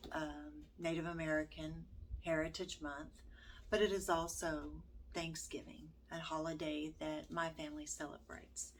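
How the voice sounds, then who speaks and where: An older woman, a homeschooling grandmother, talking to her viewers in a gentle, heartfelt way with many halting pauses. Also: low voice, a little hiss or hum. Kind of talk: casual vlog talk.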